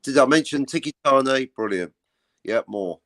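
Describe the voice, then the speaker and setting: A man's voice: medium pitch, animated, normal speed, fairly bright tone. A man chatting as a panel guest, enthusiastic and scattered, trailing off as he recalls bands. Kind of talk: casual panel chat.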